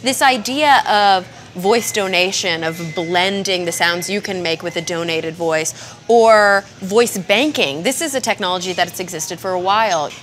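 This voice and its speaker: A woman reporting casually on location, playful and quick to laugh at herself. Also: fairly low pitch, a bit bright, faint music behind.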